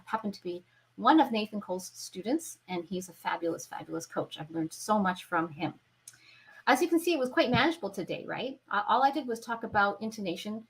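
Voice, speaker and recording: A woman's voice: medium pitch, fairly bright tone, poor audio. A woman teaching an online violin lesson, who explains patiently and keeps checking in with her viewers. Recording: violin playing between phrases.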